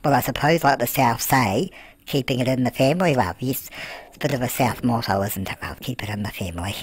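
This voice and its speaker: A man's voice: mid-range voice, brisk, breathy edge, no room sound. A man voicing a gossipy grandmother character, narrating a life-sim game with cheeky asides, calling everyone love and answering his own questions. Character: chatty elderly grandmother persona, cheeky and gossipy. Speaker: gameplay narrator. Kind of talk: comedic gameplay commentary. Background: background music.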